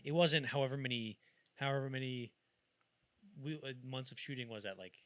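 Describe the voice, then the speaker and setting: A man's voice: medium pitch, brisk, dry recording. A man hosting a podcast, telling film-history stories in casual chat and acting out the quotes as he goes. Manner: animated storyteller acting out quotes. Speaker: podcast host.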